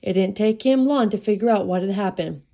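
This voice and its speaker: A woman's voice: medium pitch, fairly quick, mellow. A woman reading a children's tall tale aloud with a folksy, playful delivery. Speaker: storyteller.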